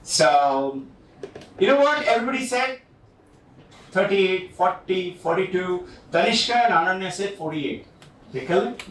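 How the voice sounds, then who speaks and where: A man's voice: high voice, measured pace, long pauses, slight background noise. A man giving a motivational workshop talk to parents, telling stories and acting out dialogue. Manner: animated storytelling, acts out dialogue. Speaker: workshop speaker. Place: school hall. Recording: echoey hall, mic from far off.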